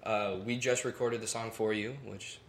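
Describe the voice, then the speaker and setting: Young male guest, casual rambler, lowish voice, roomy echo. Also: fairly even intonation, moderate pace, gravelly. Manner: easygoing, rambling, laughs often. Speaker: musician guest. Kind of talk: casual podcast interview. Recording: echoey room, faint noise.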